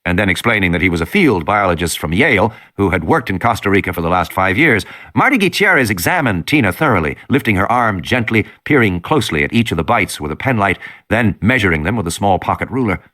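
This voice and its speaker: Expressive male audiobook narrator. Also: lowish voice, fast talker, hardly any pauses.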